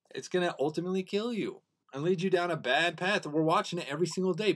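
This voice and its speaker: A young man hosting his own podcast, talking in an earnest, excitable monologue that rambles and restarts. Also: on the high side. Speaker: podcast host.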